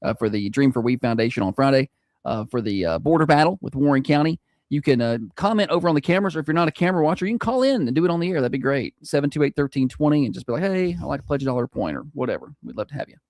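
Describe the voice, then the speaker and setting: A man's voice: medium pitch, lively intonation, racing, a little mellow, dry recording. Male morning-radio co-host, laid-back banter, close dry mic. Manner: easygoing, chatty, plugs pledges.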